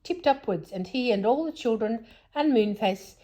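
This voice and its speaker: Lively woman reading a children's story. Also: a little high, normal speed.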